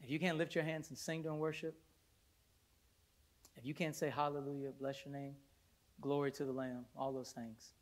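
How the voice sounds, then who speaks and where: A worship pastor preaching a sermon to a congregation in a church, fervent, swinging between loud bursts and hushed stretches, with playful joking asides. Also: male voice, mid-range voice, little pitch movement, moderate pace, pauses often. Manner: playful storytelling asides with laughter. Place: church sanctuary before a congregation.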